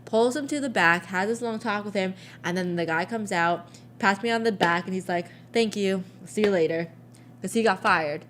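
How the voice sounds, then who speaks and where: A woman's voice: mid-range voice, normal speed, fairly bright tone, slight background noise. A young woman co-hosting a podcast, telling stories in a rambling way with many fillers and restarts. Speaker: podcast co-host. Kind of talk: casual chat.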